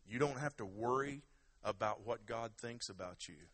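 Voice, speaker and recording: A man's voice: fairly low pitch, moderate pace, a bit bright. A man preaching a sermon in a conversational, emphatic way and urging the congregation to give praise. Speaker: pastor.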